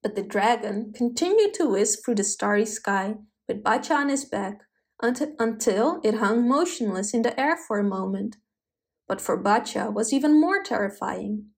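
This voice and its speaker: A woman narrating a folk tale in an expressive, dramatic storybook style. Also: on the high side, moderate pace, creaky.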